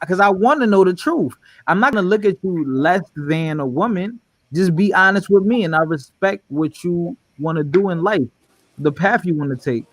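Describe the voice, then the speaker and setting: A man's voice: high voice, lively intonation, normal speed, dry recording. A man in a casual group audio chat, emphatic, repeating phrases and restarting sentences.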